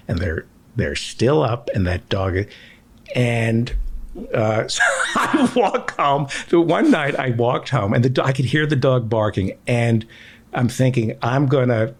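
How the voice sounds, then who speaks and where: A man hosting a comedy podcast, telling an anecdote in an animated, laughing way. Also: medium pitch, creaky, breathy edge. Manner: animated storyteller, laughing as he tells it. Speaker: podcast host. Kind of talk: casual comedic chat.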